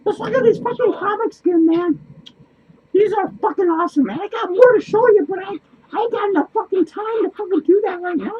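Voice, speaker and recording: A squeaky, very high male voice plays a lonely, manic, foul-mouthed clown in a comedic monologue, recorded muffled and lo-fi in a small cluttered home studio with a bit of hiss or hum. He swears constantly, laughs wildly, rambles excitably, and loses his train of thought.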